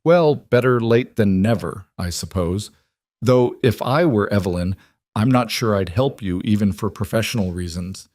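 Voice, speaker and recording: A man's voice: on the low side, animated, moderate pace, darkish tone, dry recording, clean studio sound, lightly acted. A man voicing a shrewd, direct society wife who speaks bluntly. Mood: blunt candor.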